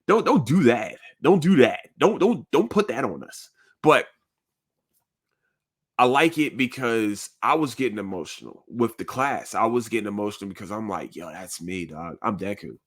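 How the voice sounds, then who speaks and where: A man's voice: medium pitch, breathy edge. A man hosting a podcast in casual chat, earnest and rambling, full of slang and swearing. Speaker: podcast host.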